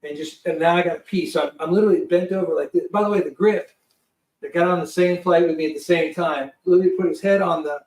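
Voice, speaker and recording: A man guest telling a story in a casual, animated way, acting out quotes and swearing freely. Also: on the high side, fast talker. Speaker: guest, film producer. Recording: roomy sound from a distant mic.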